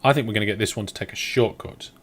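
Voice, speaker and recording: A man's voice: on the low side, very fast, a bit bright. Chatty man streaming a game. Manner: thinks aloud, chatty, answers viewer chat. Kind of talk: live let's play commentary.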